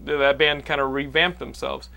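A man's voice: medium pitch, little pitch movement, moderate pace, creaky, bright, forceful tone. A man hosting a podcast, recapping a movie plot in casual chat with many restarts. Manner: rambling, restarts a lot. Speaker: podcast host.

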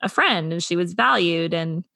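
A woman's voice: fairly low pitch, animated, moderate pace, vocal fry, bright, forceful tone, dry recording. A young woman co-hosting a podcast, giving thoughtful casual commentary with plenty of "I mean" and "like". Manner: thoughtful, reflective commentary with hedging fillers. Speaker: podcast co-host. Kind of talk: casual chat.

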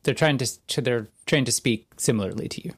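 A man in his thirties co-hosting a podcast, relaxed and joking as he tells stories in a casual chat. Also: medium pitch, fairly quick, husky. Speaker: podcast co-host.

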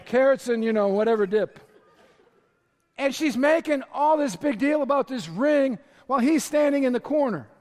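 In a voice very high for a man, a pastor gives a lively, story-driven sermon at normal speed, calling out directly to the congregation before him. His words ring through a large hall with a long reverb tail.

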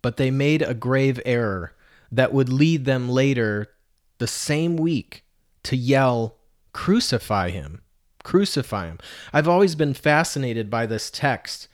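A man's voice: mid-range voice, slow. A man preaching a sermon in an earnest, conversational way, asking rhetorical questions. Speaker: pastor.

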